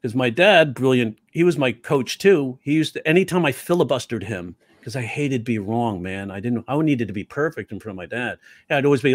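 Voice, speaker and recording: Animated male comedy teacher, dry sound. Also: medium pitch, brisk, no room sound. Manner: animated, acts out quoted voices. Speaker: comedy teacher and stand-up comic. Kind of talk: storytelling interview talk.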